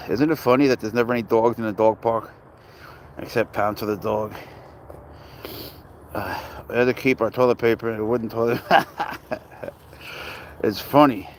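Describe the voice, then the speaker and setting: A man's voice: on the low side, a little hiss or hum. A young man hosting a casual home livestream, rambling and joking, greeting viewers by name. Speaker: livestream host and serval cat owner. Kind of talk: casual livestream chat reading viewer comments. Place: home, indoors.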